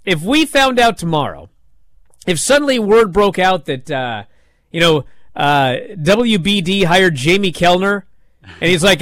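A man with a high voice talks loosely and rambles, stacking fillers as he tells a story on a talk show. The sound is dry and close. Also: big pitch swings, unhurried, fairly bright tone, no room sound. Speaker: wrestling radio show host. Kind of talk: casual chat.

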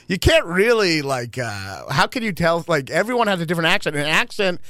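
A man's voice: on the high side, sing-song, a little fast, pushed and bright, no room sound, clean studio sound. A young man from Louisville, a comedian guest, chatting casually in a radio interview and rambling through stories with fillers and laughs. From Louisville, Kentucky.

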